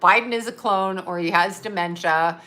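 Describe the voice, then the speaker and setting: A woman's voice: lowish voice, normal speed, pushed and bright. Blunt, foul-mouthed woman ranting. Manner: crude, rambling, laughing at her own jokes. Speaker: vlogger. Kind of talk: blunt profane monologue.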